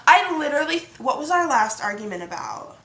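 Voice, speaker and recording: A woman with a bright, fairly high voice chats casually on her vlog, animated and fondly teasing. The room is echoey. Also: a little fast, a little hiss or hum. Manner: chatty, animated, fond teasing. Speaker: vlog host. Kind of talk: casual chat.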